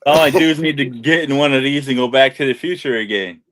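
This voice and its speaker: A man's voice: mid-range voice, fairly bright tone. A young man co-hosting a podcast, rambling with restarts and cursing in casual banter. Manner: rambling, profane, halting restarts. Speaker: podcast co-host.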